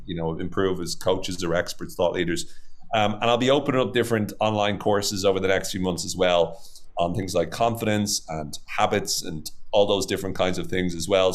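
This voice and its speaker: Guy on a podcast, lowish voice, lots of um and uh, walks through examples. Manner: explanatory, lists examples with many fillers. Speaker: podcast guest, psychologist. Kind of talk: casual interview talk.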